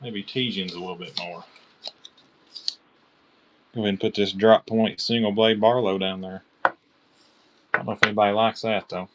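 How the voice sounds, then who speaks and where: Kentucky guy running a live knife auction, lowish voice, chatty and excited, shouts out bidders. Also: normal speed, pauses often, noisy background. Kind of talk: live-stream auction selling.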